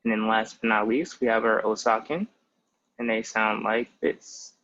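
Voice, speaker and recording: A man's voice: fairly low pitch, fairly even intonation, normal speed, fairly bright tone, dull audio, a little hiss or hum. A young man in his twenties giving a patient, casual language lesson with many "like" fillers. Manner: patient, explanatory, with frequent "like" fillers. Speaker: language teacher.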